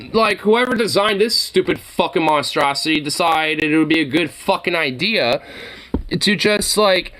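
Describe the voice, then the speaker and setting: A man's voice: sits high, pushed and bright. A young man filming his workplace kitchen on a phone, ranting and swearing in frustration. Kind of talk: profane ranting vlog.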